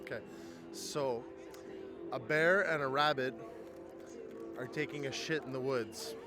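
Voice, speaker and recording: A man's voice: mid-range voice, a little slow, over music. A man on a city street telling a crude joke with punchy delivery.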